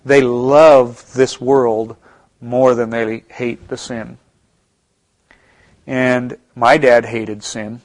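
A man's voice: medium pitch, little pitch movement, extremely slow, pauses often. Earnest American man teaching the Bible. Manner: earnest, reflective, many restarts and asides.

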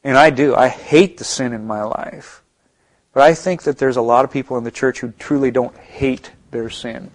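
A man's voice: medium pitch, steady tone, normal speed. A man with an American accent in ministry, giving an earnest, reflective Bible talk with frequent restarts and asides. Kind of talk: conversational Bible teaching.

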